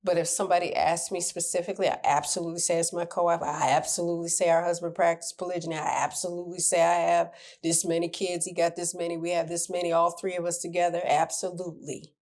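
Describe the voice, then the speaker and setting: Candid, animated woman coach. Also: lowish voice, fast, hardly any pauses. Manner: candid, animated, laughs and acts out quoted people. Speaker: relationship coach. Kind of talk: casual advice talk to camera.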